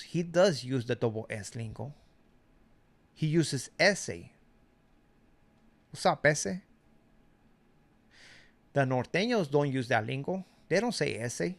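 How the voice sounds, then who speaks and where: A man's voice: medium pitch, creaky, a bit bright. A middle-aged man from Mexico giving a blunt, slangy commentary monologue. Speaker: commentary streamer.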